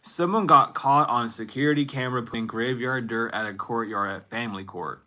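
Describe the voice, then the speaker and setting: Man in his twenties, bright and forward, talking loosely to his viewers and breaking off mid-thought. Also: mid-range voice, a little fast. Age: 20s. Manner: rambling, self-interrupting, laughs at himself. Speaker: tarot reader. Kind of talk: casual spiritual reading to viewers.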